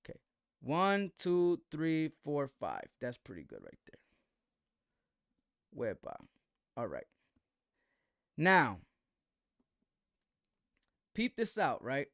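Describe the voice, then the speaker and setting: A man's voice: fairly high pitch, sing-song, slow pace, pauses often, fairly bright tone, dry recording, clean studio sound. A man hosting a live boxing commentary stream, talking in slang with a defensive tone and asking "right?" again and again.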